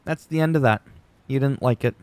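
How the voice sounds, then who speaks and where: A man's voice: mid-range voice, fairly quick, a little mellow, clean tone, dry recording. A man recapping a wrestling show in casual commentary, rambling off on tangents and swearing casually.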